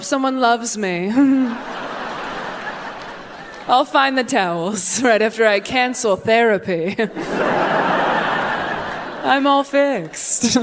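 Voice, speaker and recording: A woman's voice: on the high side, noisy background. A woman in her twenties performing a stand-up comedy set on stage, acting out quoted voices. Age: 20s. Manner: animated, acts out quoted voices. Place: stage before a laughing audience.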